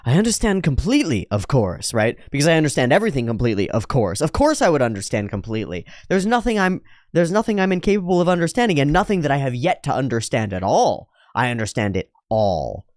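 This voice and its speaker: A man's voice: medium pitch, very animated, fast, darkish tone, no room sound, clean studio sound, natural voice. A man voicing an arrogant young male mage, talking down to everyone in a smug, theatrical way.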